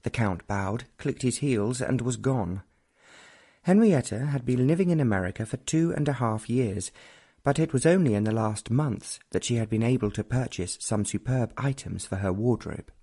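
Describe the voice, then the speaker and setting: A man narrating an audiobook of a romance novel in measured, even storytelling. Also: mid-range voice, slightly rough.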